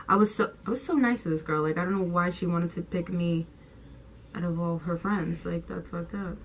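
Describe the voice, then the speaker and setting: A young woman tells a story to her camera in loose, slangy talk, swearing now and then. Her voice sits on the low side but leaps up when she plays out what people said. A faint hiss runs underneath. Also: moderate pace, poor audio. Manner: animated, slangy, swears freely, acts out quotes. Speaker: vlogger. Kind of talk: casual storytime vlog.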